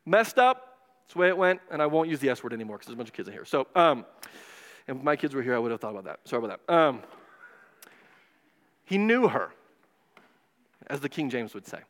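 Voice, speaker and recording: A man preaching a casual, animated sermon in a church, retelling stories and acting out the voices with quick asides. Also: medium pitch. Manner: animated, digressive, acts out voices. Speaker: pastor. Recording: long hall reverb.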